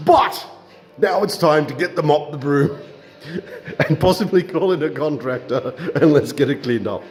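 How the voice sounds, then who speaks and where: A man's voice: on the high side, a little slow, darkish tone. A man hosting a home cooking show from his kitchen in a rambling comic monologue, bawdy and self-mocking, chuckling at his own jokes.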